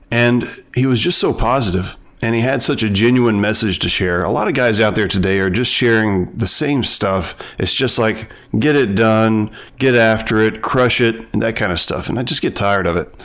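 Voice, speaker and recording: A man from Tennessee hosting a podcast, talking in an earnest, conversational way. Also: fairly low pitch. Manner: earnest, conversational, with small restarts. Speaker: podcast host. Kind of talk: casual interview.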